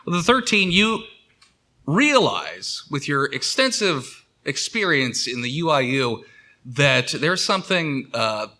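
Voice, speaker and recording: A man's voice: on the high side, very animated, slow pace, bright, forceful tone. A man narrating scenes as game master of a tabletop role-playing game, describing things with some fillers.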